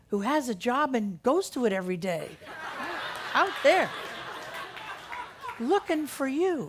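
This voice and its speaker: A woman minister giving a sermon, repeating key phrases emphatically and slowing down for weight. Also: high voice. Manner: emphatic, repetitive preaching with slowed key phrases.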